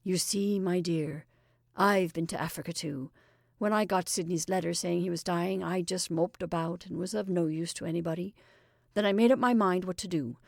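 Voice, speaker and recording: A woman's voice: on the low side, creaky, darkish tone, no echo. Exuberant chatty actor, middle-aged man, read by a woman; dry close sound. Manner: exuberant, rambling, confiding. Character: jolly middle-aged male stage actor, gleeful and chatty.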